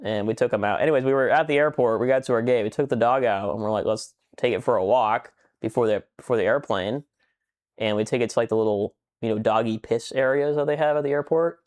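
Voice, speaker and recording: A man's voice: medium pitch, fast. Rambling, swearing young man. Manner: rambling storyteller, heavy swearing, animated when retelling. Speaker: podcast co-host. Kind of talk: casual chat.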